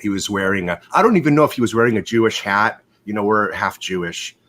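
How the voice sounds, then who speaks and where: A man with a lowish voice hosts a loose, unscripted live watch show from his home in California, rambling through anecdotes with cursing and bursts of animation. He talks quickly, heard through a desktop mic on a video call with a little hiss or hum.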